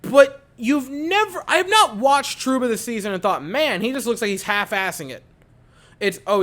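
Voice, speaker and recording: A man giving an animated post-game reaction to a hockey game, repeating his points for emphasis. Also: extremely high pitch. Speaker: hockey fan commentator.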